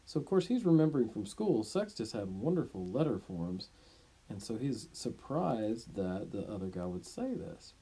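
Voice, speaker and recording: A man's voice: lowish voice, sing-song, moderate pace, warm tone, husky. A man teaching Latin, reading a story and translating it line by line with plain explanations and the occasional joke.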